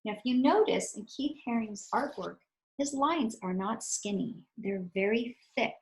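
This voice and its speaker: A woman's voice: fairly high pitch, unhurried, poor audio. A woman art teacher giving a patient, step-by-step drawing lesson for children, counting her strokes aloud as she works.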